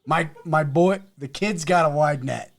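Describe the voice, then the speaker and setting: A man's voice: on the high side, a little slow, creaky. A man co-hosting a podcast from Wyoming, bantering crudely, swearing and laughing at online ads. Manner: profane, laughing, mocking. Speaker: podcast co-host.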